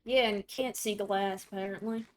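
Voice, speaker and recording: A woman's voice: mid-range voice, steady tone, moderate pace, a little hiss or hum. A woman bantering in a dry, matter-of-fact way with teammates during a game. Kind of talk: casual gaming chat.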